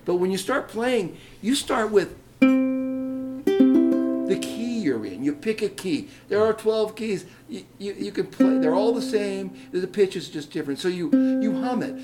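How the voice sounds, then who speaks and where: A man's voice: high voice, unhurried. A man who teaches ukulele, from Detroit, telling stories and explaining music in a radio interview. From Detroit, Michigan. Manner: lively teacher, hums and laughs while explaining. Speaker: ukulele instructor, guest.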